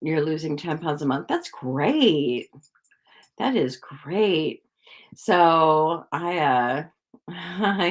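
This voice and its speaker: Low, gravelly-voiced woman chatting on a livestream. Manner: rambling, filler-heavy, giggly. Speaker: psychic livestreamer. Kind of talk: casual livestream chat.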